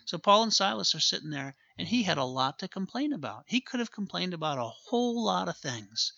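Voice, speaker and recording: A man's voice: high voice, big pitch swings, a little fast, gravelly, few pauses, pushed and bright, no echo, highs cut off. A man preaching a sermon as a pastor, earnest and emphatic, repeating his key phrases for weight.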